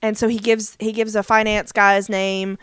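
A woman's voice: mid-range voice, flat delivery, moderate pace, fairly bright tone, smooth, no room sound. A woman co-hosting a podcast, casually recapping a TV episode in a chatty storytelling manner with lots of fillers. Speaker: podcast co-host.

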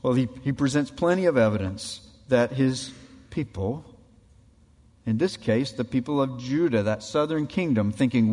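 A man's voice: medium pitch, animated, normal speed, a little mellow, long reverb tail. A man preaching a sermon, dramatically acting out the voices in the passages he quotes. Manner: dramatic, acts out quoted voices of God and people.

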